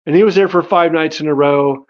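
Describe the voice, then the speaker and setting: A man casually telling his life story, animated, with many fillers and restarts. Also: a little high, fairly quick, muffled recording. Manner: animated, acts out quoted dialogue in his own voice.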